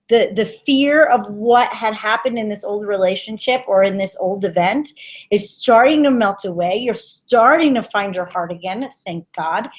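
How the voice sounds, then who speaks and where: Soft-spoken woman tarot reader. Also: a little high. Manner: soft, halting, with many fillers. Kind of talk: intuitive reading on a web show.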